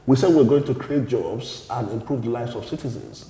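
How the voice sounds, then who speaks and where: In a long-reverb, echoey room with a little background noise, a male party spokesman is interviewed. His dark, mellow voice stays level in pitch, and his measured explanations include repeated words whenever he starts over.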